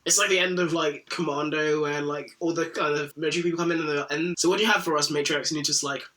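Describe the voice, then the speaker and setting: A man with a slightly high voice and quick pace co-hosts a podcast, casually going over a cartoon episode. With lots of energy, he performs the characters' lines and swears freely.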